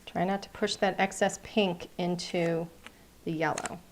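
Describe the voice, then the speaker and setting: A woman's voice: lowish voice, fairly even intonation, measured pace. A woman hosting a live cardmaking class, chatting playfully as she narrates each step of her work. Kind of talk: live crafting demonstration.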